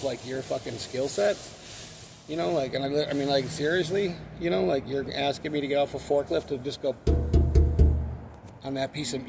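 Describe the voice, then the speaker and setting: A man's voice: medium pitch, creaky, noisy background. A man telling an angry, profane story about a run-in with a coworker, rambling and heated. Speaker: forklift worker.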